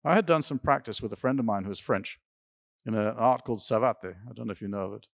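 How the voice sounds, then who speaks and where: Speaking fast with vocal fry, this older man's lowish voice carries rambling personal anecdotes, broken by occasional laughter and restarts. He's a guest in an interview on a symposium stage, recorded dry at studio quality.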